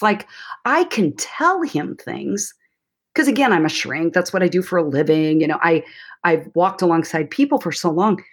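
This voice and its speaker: A woman therapist and author talking in a chatty, animated way as a guest, giving coaching advice to parents. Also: medium pitch, husky. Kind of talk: advice-giving podcast interview. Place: Portland, Oregon.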